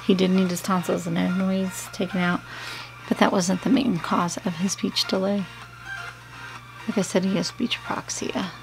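A woman's voice: lowish voice, level tone, moderate pace, gravelly. A middle-aged woman telling a personal story in a rambling, chatty way while doing her makeup for a beauty vlog. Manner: chatty, rambling, many fillers. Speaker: beauty vlogger. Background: background music.

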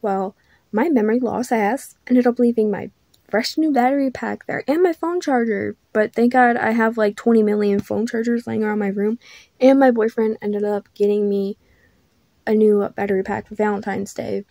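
A woman's voice: medium pitch, moderate pace, gravelly, warm tone, no echo. A young woman telling a casual storytime vlog, chatty and blunt, full of filler words. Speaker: vlogger.

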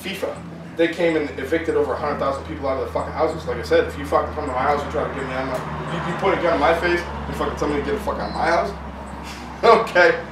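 A man rants hard and swears constantly, with a somewhat high voice and lots of stumbling restarts. He is picked up from a distance in an echoey space, with loud ambient noise all around. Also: rapid-fire. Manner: profane, fired-up, repetitive restarts. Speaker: protest organizer being interviewed. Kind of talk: heated casual rant. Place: festival grounds.

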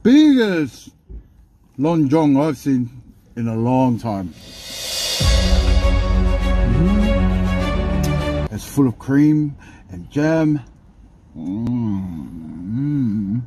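Slow-talking New man eating on camera. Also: mid-range voice, sing-song, loud music behind the voice. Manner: playful, teasing, often talks with his mouth full. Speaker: mukbang host. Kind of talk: casual chat while eating on camera.

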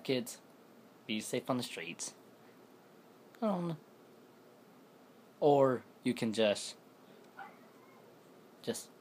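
A man's voice: fairly low pitch, slight background noise. A man casually telling a scary story, rambling and correcting himself as he goes.

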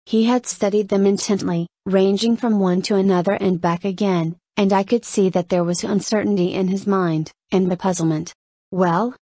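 A woman's voice: mid-range voice, dry recording. Woman narrating an audiobook, dry sound. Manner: steady, measured storytelling. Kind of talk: scripted narration.

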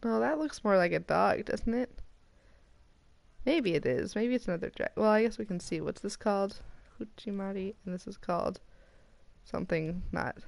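An American woman streaming a game, chatting casually and getting excited as she opens loot boxes. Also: mid-range voice, normal speed, gravelly, no room sound. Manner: excitable and chatty, squealing at rare items. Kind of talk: casual commentary while opening loot boxes.

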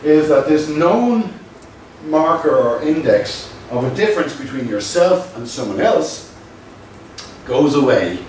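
A male lecturer giving a university lecture, measured and explanatory, stressing his key points. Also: a little high, sing-song, darkish tone. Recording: very echoey room from a distant mic with faint noise.

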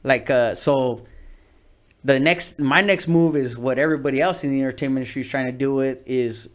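A man's voice: mid-range voice, fairly quick. Chicano comic guy from califas, swears a lot, tells stories loose and slangy. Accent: Chicano English. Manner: streetwise slangy storytelling, swears a lot, acts out voices. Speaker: comedian guest. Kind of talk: casual podcast interview storytelling.

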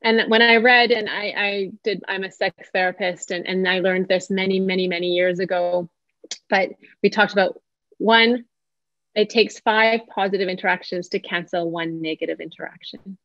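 A woman, a therapist, leading an online parenting workshop in a gentle, inviting way. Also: mid-range voice, fairly even intonation, moderate pace, dry recording. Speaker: social worker and psychotherapist leading a workshop. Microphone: video call. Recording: dull dry video call audio.

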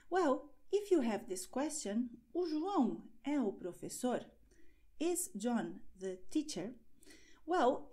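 Female teacher, slightly high and mellow voice, patient explainer who keeps checking in. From Brazil. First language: Portuguese. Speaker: Portuguese teacher. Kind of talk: online language lesson.

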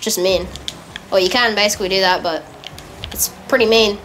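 A woman giving casual, excitable gameplay commentary, correcting herself quickly and laughing often. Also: mid-range voice, a little hiss or hum. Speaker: gamer.

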